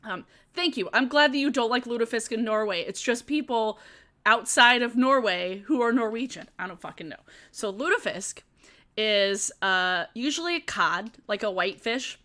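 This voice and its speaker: Bright-voiced young woman chatting on a live stream. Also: fairly high pitch, animated, unhurried. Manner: chatty, laughs often, swears casually. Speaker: streamer answering chat questions.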